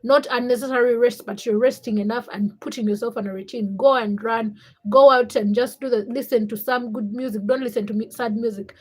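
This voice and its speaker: A woman's voice: a little high, steady tone, fairly quick, low-quality recording. A young woman from Africa hosting a casual livestream, chatting and greeting viewers by name as she reads their comments. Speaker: livestream host.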